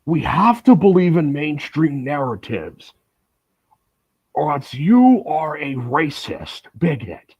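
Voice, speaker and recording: A man's voice: fairly high pitch, big pitch swings, slow, darkish tone, husky, no room sound, pitched above the performer's own voice, full character voice. A man doing a mocking impression of a smug male cable news anchor, drawn out and exaggerated.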